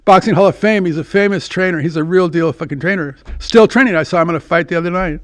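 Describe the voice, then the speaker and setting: High-voiced man telling a rambling story. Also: fast talker, no room sound, clean studio sound. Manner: rambling, restarts, acts out dialogue. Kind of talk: casual storytelling.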